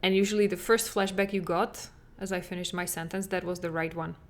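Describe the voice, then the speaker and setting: A woman's voice: on the low side, little pitch movement, brisk. A young adult woman hosting a parenting podcast, speaking in an earnest, conversational way with many "like" fillers. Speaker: podcast host and parenting coach. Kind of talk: solo podcast talk.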